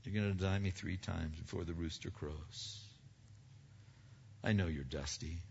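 A man voicing a calm, knowing male teacher who gently corrects a boastful follower. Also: low-pitched, normal speed, vocal fry, a little hiss or hum, voice pushed down. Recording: dull recording with long hall reverb.

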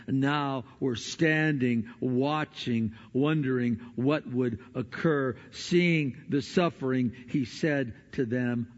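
A male pastor preaching a sermon in earnest tones, moving between hushed passages and emphatic ones. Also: mid-range voice, slow, hardly any pauses. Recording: dull sound in a reverberant hall.

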